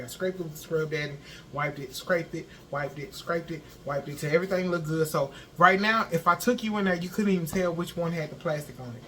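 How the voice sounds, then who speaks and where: A man's voice: a little high, pushed and bright, slight background noise. A young man, telling a story in a vlog and acting out sounds and his own panic. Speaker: vlogger.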